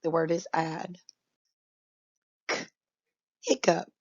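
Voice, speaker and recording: A woman's voice: fairly low pitch, fairly even intonation, breathy edge, lo-fi sound. A woman teacher giving a patient phonics lesson to young children, drawing out each word. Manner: patient, instructive, drawn-out words.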